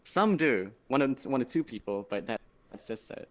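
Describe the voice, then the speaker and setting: A man from Malaysia with a Malaysian accent, a guest in a casual interview, talking hesitantly with many restarts and soft trailing ends. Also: mid-range voice, sing-song, moderate pace, no room sound. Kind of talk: casual chat.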